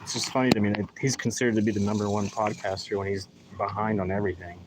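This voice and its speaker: Male gardening vlogger, low voice, rambling sarcastic chat, noisy outdoor phone audio. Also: level tone, quick pace. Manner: rambling, sarcastic mock enthusiasm. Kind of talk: casual live vlog chat while potting plants. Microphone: phone held in hand.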